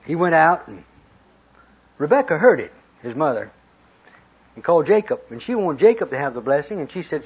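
Folksy male preacher, husky voice, on a dull lo-fi tape. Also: fairly high pitch, normal speed, pauses often. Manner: folksy, retells scripture in plain talk with lively quoted voices. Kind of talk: storytelling sermon. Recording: dull lo-fi recording.

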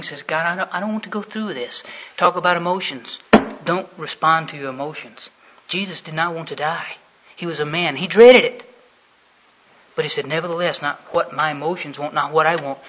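A male preacher with a high, bright and forceful voice delivers a sermon. He swings dramatically between hushed, low passages and loud bursts. The recording sounds dull and lo-fi.

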